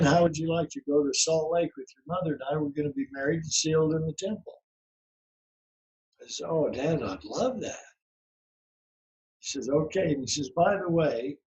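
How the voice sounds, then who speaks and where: A man's voice: medium pitch, a little mellow, poor audio. Older man telling a folksy story. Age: 80s. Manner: folksy, rambling with many restarts and fillers. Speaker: podcast guest. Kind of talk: storytelling in an interview.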